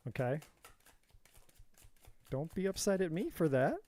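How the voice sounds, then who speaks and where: A man's voice: fairly high pitch, very animated, measured pace, mellow. A man hosting a casual live tarot reading, rambling and joking, going off on tangents and talking to his viewers by name. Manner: addresses viewers directly by name.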